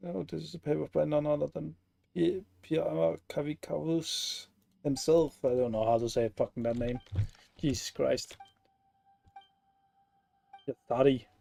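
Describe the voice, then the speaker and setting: Brief: male gamer, sarcastic running commentary, gravelly mellow voice, dry close sound. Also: fairly high pitch, steady tone, measured pace, long pauses, no echo, faint music behind. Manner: sarcastic, swears casually. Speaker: gaming streamer. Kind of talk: casual gameplay commentary.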